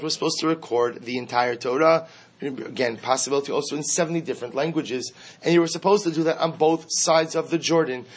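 A man's voice: fairly high pitch, husky. A man giving a Talmud class. He reads Hebrew and Aramaic text, translates it, and explains it, raising his voice with emphasis when he speaks the lines of the figures in the text. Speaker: Talmud teacher.

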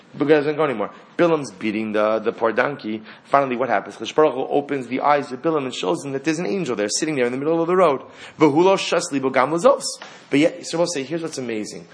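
A medium-pitched man teaches a Torah class with animation. He asks rhetorical questions and acts out the lines of the story.

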